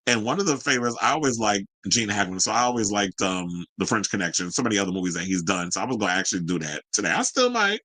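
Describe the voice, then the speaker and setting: A man's voice: fairly low pitch, very fast, hardly any pauses, pushed and bright, rough recording. A man hosting a casual solo pop culture commentary show, chatty and sassy with rambling asides.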